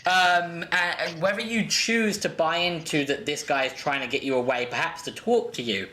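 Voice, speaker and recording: A man runs a tabletop game with a bright, ringing voice in a fairly high register. He narrates as game master, rambling and often restarting his sentences. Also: normal speed.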